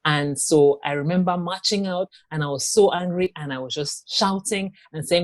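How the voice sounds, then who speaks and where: A woman with a lowish voice recounts her own experiences as an interview guest and author. Her telling is animated, and she acts out the words of others as she goes. The sound is close and dry, with no room around it. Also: normal speed, hardly any pauses, no echo. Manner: animated, acts out quoted speech. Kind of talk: personal storytelling in an interview.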